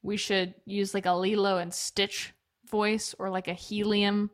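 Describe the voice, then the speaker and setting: A woman's voice: medium pitch, flat delivery, measured pace. A woman hosting a podcast, asking questions and joking playfully in casual chat. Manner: playful, laughs easily. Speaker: podcast host.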